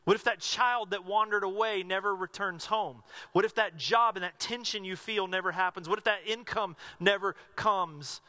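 A male pastor preaching a sermon, earnestly asking his congregation question after question and dropping to a hushed voice when he voices a prayer. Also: high-pitched, normal speed, hardly any pauses.

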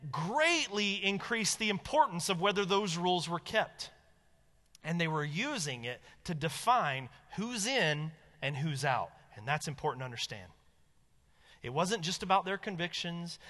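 A man preaching a sermon as pastor, animated and emphatic, dropping his voice low to stress a point. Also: in a large hall.

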